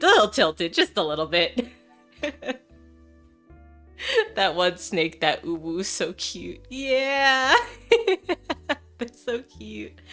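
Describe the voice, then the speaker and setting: A young adult woman VTuber chats casually and playfully on a live stream, laughing often and swearing every so often. Her voice is lowish with a sharp tone.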